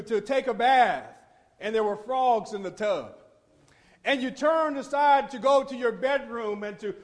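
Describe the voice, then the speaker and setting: A man preaching a sermon, retelling scripture with vivid, animated storytelling and frequent repetition. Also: very high voice.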